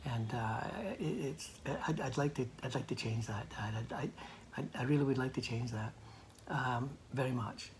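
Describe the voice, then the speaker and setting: A man's voice: mid-range voice, normal speed, slight background noise. An older man giving a motivational training talk, telling a personal story in a hesitant, anecdotal way with many restarts.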